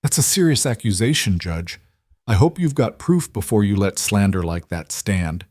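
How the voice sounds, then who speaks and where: Man doing a tough no-nonsense cowboy, flat and blunt, low and dry. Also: moderate pace, no room sound. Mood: defiant. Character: tough, steady male rancher, no longer young.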